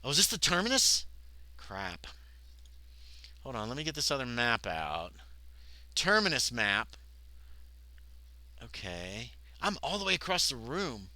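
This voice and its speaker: A man's voice: mid-range voice, a little slow, pauses often, dry recording. A man livestreaming a solo tabletop horror game, rambling and interrupting himself as he chats with viewers and reacts to the game. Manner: rambling, self-interrupting, excitable chatter with the chat.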